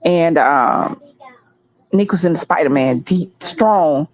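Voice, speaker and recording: Talking slowly in a low, expressive voice, a middle-aged woman chats off the cuff with the viewers of her livestream, rambling as she goes. The recording sounds rough.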